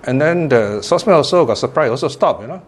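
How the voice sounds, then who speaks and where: A man's voice: medium pitch, expressive, brisk, slightly rough. A man, a Buddhist teacher giving a chatty Dharma talk, laughing often and tossing in asides. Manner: chatty, laughs often, lots of "you know".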